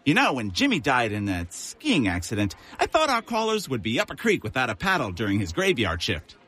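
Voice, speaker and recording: An actor playing a cheerful, folksy hotline manager. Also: male voice, medium pitch, wildly swooping pitch, a little fast, sharp tone, breathy edge, exaggerated voice. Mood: friendly. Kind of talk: audio drama acting.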